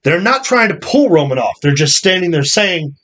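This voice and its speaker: Opinionated dude breaking down wrestling, swears a lot, kinda high voice. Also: male voice, very animated, moderate pace, pushed and bright. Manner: blunt, opinionated, swears casually. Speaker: podcast co-host. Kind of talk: casual wrestling review chat.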